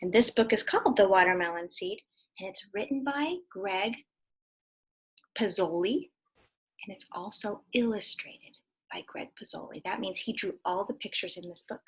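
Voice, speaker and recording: A woman teacher giving a read-aloud lesson to young children, animated and full of questions, sometimes dropping to a whisper. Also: mid-range voice, moderate pace, husky.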